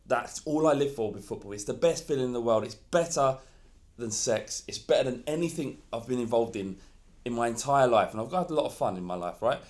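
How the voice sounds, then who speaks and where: A man's voice: medium pitch, darkish tone. A man co-hosting a football podcast, ranting heatedly in casual chat and swearing freely. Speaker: podcast co-host.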